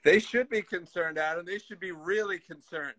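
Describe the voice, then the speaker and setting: A guest cook's high-pitched voice comes through poor audio as he cooks on a live video call. He talks at a normal speed, keeping things casual, joking and mocking himself, and gets loud whenever he leans in.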